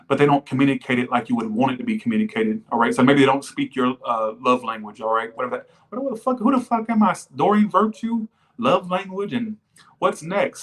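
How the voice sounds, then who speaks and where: A man's voice: mid-range voice, a bit bright. Rambling, foul-mouthed male tarot reader. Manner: rambling, profane, goes off on tangents; reads out viewer donations mid-reading. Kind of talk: casual livestream tarot reading.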